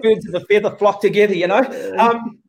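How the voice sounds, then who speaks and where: A man, voice sitting high for a man. He rants in blunt, sarcastic bursts, as in a heated sports chat. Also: steady tone, brisk. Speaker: rugby podcast co-host.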